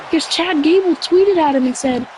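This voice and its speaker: A storyteller narrating a wrestling match play by play, excitable and breathless, shouting sound effects. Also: high voice, normal speed, background noise.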